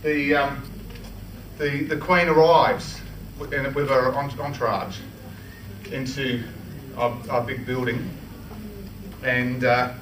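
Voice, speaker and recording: An Australian man gives a club speech slowly, his medium-pitched voice a bit bright and fairly even. He chats his way through a funny personal tale, laughing and restarting often; the audio is distant, roomy, and noisy, captured in a meeting room.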